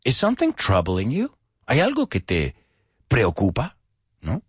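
Man, teacher, husky dry voice, very animated, playful, mixes two languages. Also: medium pitch, normal speed, no echo. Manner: playful, switches between English and Spanish. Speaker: English teacher. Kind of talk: bilingual language lesson.

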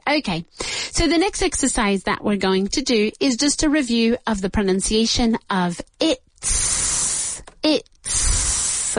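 Woman, English teacher, beginner lesson, slow deliberate repetitions, switching, dry close sound. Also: a little high, no echo. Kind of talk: beginner English lesson, drilling example sentences.

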